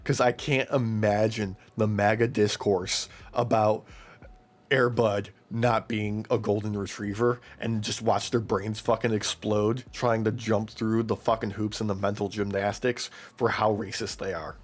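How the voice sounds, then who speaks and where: A man's voice: fairly low pitch, measured pace. Guy on a podcast going off, cussing a ton, fired up. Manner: profane, ranting, animated. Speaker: podcast co-host. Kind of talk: casual chat.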